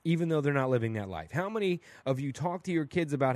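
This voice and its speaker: A man hosting a solo podcast, talking through his opinions in a casual, blunt and animated way, asking "right?" again and again. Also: on the high side, fast talker, hardly any pauses, no echo. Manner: casual and blunt, with mild swearing. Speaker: podcast host.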